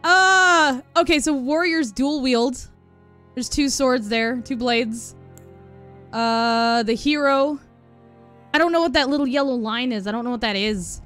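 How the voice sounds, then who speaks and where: A woman streaming a video game live, excitable and giggly as she thinks aloud. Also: high-pitched, a little slow. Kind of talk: live gaming stream chat. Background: game music.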